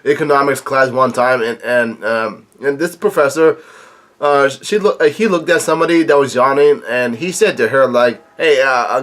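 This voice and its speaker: With a medium-pitched, fairly bright voice, a man hosting a reaction video works through comic dialogue and adds his comments. He's halting, stumbling over words, restarting often, and leaning on fillers.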